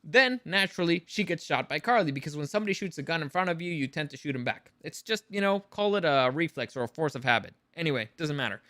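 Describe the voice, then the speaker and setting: A man delivering a ranting review, sarcastic and fed up, with frequent swearing. His voice sits fairly high and sounds bright and forceful. The recording is close and dry. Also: expressive, fast talker, hardly any pauses, no echo. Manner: exasperated, sarcastic, swears freely.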